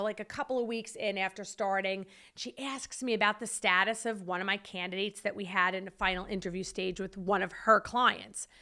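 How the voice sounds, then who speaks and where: A middle-aged woman hosting a podcast, telling a personal story in a lively, animated way, laughing now and then and acting out quotes with big jumps in pitch. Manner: laughs while telling, many "like" and "you know". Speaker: podcast host.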